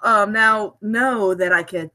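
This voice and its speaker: A woman hosting a casual live stream from home, giddy, laughing often and repeating herself excitedly. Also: mid-range voice, slow pace. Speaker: livestream host.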